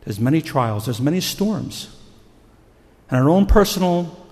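A man's voice: a little high, very animated, measured pace, darkish tone. A man preaching a sermon in an earnest storytelling manner. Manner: earnest, storytelling, acts out panicked voices. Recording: long reverb of a hall.

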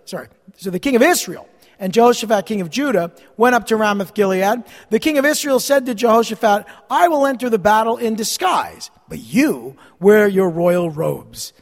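A high-voiced man preaches a Bible study, reading the scripture aloud and breaking off for dry, sarcastic asides. His voice rings out with a long reverb tail, as if it fills a large hall. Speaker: pastor.

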